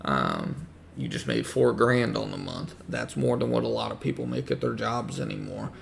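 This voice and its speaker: A man hosting a casual livestream, hoarse as he loses his voice, rambling and repeating himself while greeting chat viewers. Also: medium pitch, expressive, normal speed, a little hiss or hum. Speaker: livestream host talking trading.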